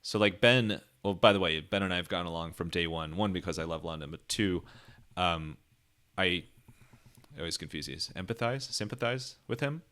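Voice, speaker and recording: A very low-pitched man hosts a podcast in casual conversation. He rambles cheerfully, laughing often and restarting his sentences with lots of "like" and "um.". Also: moderate pace, a bit bright. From Ohio, United States. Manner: chatty, laughing, many fillers and restarts. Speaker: podcast host. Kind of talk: casual interview chat.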